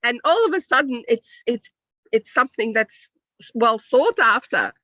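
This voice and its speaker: An Australian woman teacher, a little high in pitch with a sharp, bright tone, tells lively stories. The sound is dry and slightly muffled, like a video call. She talks with plenty of emphasis. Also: a little slow, no echo. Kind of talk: interview over video call.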